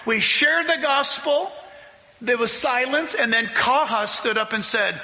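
A man preaching a sermon as pastor, telling a story in an animated way and acting out the people he quotes. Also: very high voice, a little slow, big-room sound. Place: church.

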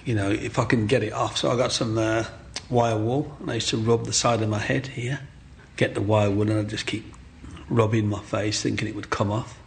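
A middle-aged man telling his life story in an interview, animated, acting out the voices of people in his story. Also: lowish voice, normal speed, vocal fry, slight background noise. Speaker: guest.

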